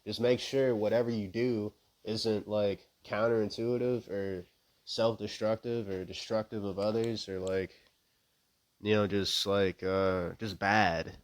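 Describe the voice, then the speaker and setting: A man's voice: lowish voice, fairly even intonation, unhurried, no room sound. A young man in an unscripted rant, profane and rambling, with wry laughs and many fillers, speaking close to a microphone. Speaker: vlogger.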